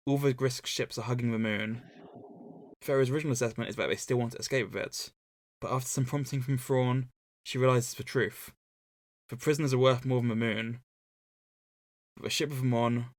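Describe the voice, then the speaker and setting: A man's voice: medium pitch, fairly even intonation, fairly quick, dry recording. A man co-hosting a casual book-club podcast, recapping a novel's plot with dry, joking asides. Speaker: podcast co-host.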